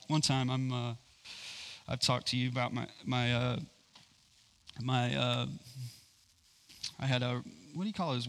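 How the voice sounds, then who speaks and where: A man's voice: medium pitch, sharp tone. A man telling a rambling personal story in a sermon, with many fillers and frequent laughs. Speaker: preacher. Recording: hall reverb.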